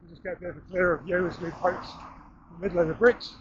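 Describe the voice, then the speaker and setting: A man's voice: high-pitched, little pitch movement, racing, dull audio, slight background noise. A middle-aged man, slightly out of breath, giving a running commentary with dry self-deprecating humour as he jogs outdoors. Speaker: running vlogger. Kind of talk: running commentary while jogging. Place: outdoors, running through town and over a bridge. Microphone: action camera carried while running.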